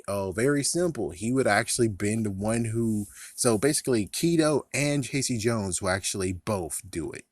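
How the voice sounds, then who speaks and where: Rambling low-voiced man ranting about movies. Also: lively intonation, normal speed, few pauses, no echo, clean studio sound. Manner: rambling, swears and laughs at his own jokes. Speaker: vlogger. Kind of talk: casual movie commentary rant.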